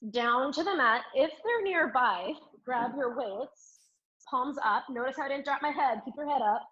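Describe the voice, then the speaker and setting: A woman's voice: sits high, fairly bright tone, highs cut off. A woman teaching a live Pilates mat class, giving upbeat, encouraging cues and counting reps while a little out of breath from demonstrating. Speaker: Pilates instructor. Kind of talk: live online fitness class cueing.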